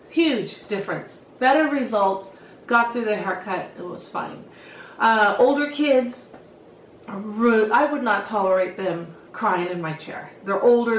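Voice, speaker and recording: A middle-aged woman hairstylist telling stories in a casual, lively way and acting out what she said to the kids. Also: medium pitch, measured pace, a little hiss or hum. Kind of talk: casual storytelling to camera. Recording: echoey room, voice from some distance.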